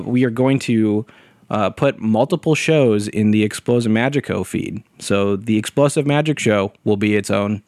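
A man's voice: mid-range voice, a little mellow, dry recording, studio quality. A man co-hosting a casual podcast while sick, joking and laughing often. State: sick, a bit hoarse. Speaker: podcast co-host.

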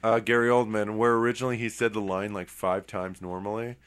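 A man's voice: fairly low pitch, level tone, fairly quick, fairly bright tone, smooth. A man in a casual movie chat, enthusiastic and swearing freely.

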